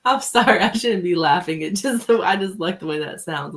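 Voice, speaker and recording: A woman's voice: on the low side, lively intonation, normal speed, a little hiss or hum, rough recording. A woman reading tarot on a live stream, chatting casually with viewers, laughing often and reading their names aloud. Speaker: tarot reader and livestream host.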